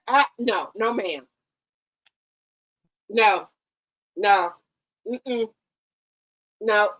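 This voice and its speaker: A woman's voice: a little high, slow pace, long pauses, fairly bright tone, poor audio. An older woman, hosting a casual gossip chat in a sassy, profane, emphatic way. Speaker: talk show host.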